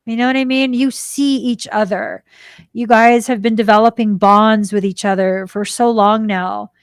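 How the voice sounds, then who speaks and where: A woman's voice: medium pitch, normal speed, smooth, no room sound, clean studio sound. A woman hosting a spiritual podcast, telling a personal story with emotion and acting out the dialogue. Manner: emotional, animated retelling with quoted dialogue. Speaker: podcast host. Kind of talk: heartfelt storytelling.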